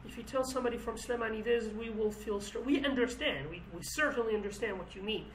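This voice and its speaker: Female teacher, Kurdish accent, slightly high pitch, explains patiently with restarts; roomy recording. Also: quick pace. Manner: explanatory, with many restarts and fillers. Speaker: language teacher. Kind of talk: language lesson. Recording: roomy with faint background noise.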